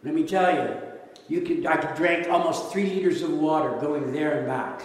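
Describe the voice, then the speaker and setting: Male pastor, jokey animated sermon, boomy reverberant hall, distant mic. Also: normal speed. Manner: animated, jokey, rhetorical questions. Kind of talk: sermon with slides. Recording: echoey hall from far off.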